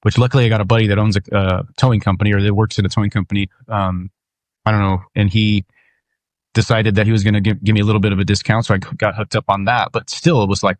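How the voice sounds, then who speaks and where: A man in his thirties or forties talks through his own podcast alone in a low voice. He speaks candidly and swears freely, often restarting his sentences. The sound is dry and close, with no room around it. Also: fairly even intonation, brisk, long pauses, no room sound. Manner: candid, profane, rambling with restarts. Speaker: podcast host. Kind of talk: casual solo monologue.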